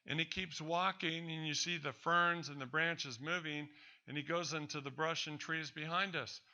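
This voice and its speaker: A man's voice: a little high, fairly even intonation, normal speed, bright, forceful tone. A man presenting a talk, telling a personal story in an emphatic, defiant way to an audience. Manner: emphatic and defiant, addresses doubters directly.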